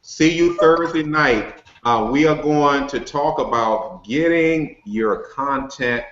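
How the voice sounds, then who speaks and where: A man's voice: mid-range voice, takes it slowly, fairly bright tone. A man coaching a group on a video call, casual and motivational, folksy with lots of "you know" and "okay". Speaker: network marketing coach hosting a webinar. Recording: roomy, dull video-call audio.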